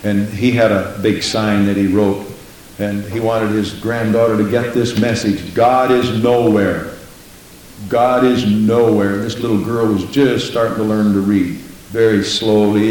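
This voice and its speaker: A man's voice: level tone, normal speed, darkish tone. Preacher man in a very echoey room. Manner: emphatic, repeats "Praise the Lord", big pitch swings. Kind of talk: sermon with storytelling. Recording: very echoey room with faint hiss.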